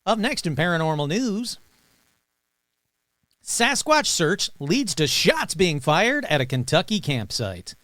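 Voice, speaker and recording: A man with a fairly high, lively voice reads paranormal news for his podcast and keeps breaking in with offhand, joking remarks. The sound is dry and close, with no room around it. His talk is loose and casual, full of quick reactions. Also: no echo. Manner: reads news items aloud with joking asides. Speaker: podcast host. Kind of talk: casual news reading and commentary.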